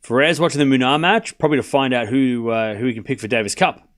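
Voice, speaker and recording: A man's voice: medium pitch, fairly even intonation, fast. A man streaming a live tennis watchalong, mixing casual play-by-play with teasing replies to his chat. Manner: chatty, teasing, talks straight to his chat.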